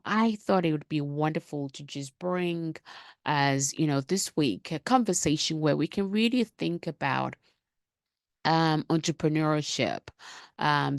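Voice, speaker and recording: A woman with a low, gravelly voice hosts a podcast in a dry, close-sounding room. She talks in an emphatic, rallying way, stacking repeated phrases as she urges her listeners on. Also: no echo. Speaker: podcast host. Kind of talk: motivational podcast monologue.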